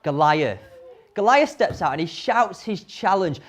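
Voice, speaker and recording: A woman telling a Bible story to children in an animated way, often asking them questions. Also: fairly low pitch, normal speed. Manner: animated, asks the audience questions.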